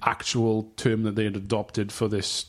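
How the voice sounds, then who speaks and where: A man's voice: fairly low pitch, level tone, moderate pace. A man hosting a casual podcast chat, reading notes aloud in a rambling, sweary way and tripping over long words. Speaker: podcast host.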